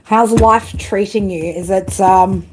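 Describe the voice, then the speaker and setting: A woman's voice: medium pitch, fairly even intonation, slow, background noise. A woman doing a live-stream tarot reading, ranting bluntly with heavy swearing and chatting to viewers. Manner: blunt, heavily profane ranting. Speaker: tarot reader.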